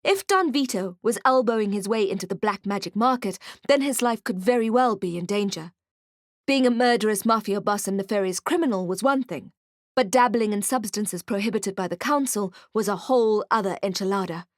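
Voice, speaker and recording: A woman reading an audiobook in first person with wry, expressive storytelling. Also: medium pitch, a little fast, dry recording, studio quality. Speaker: audiobook narrator. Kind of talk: scripted first-person narration.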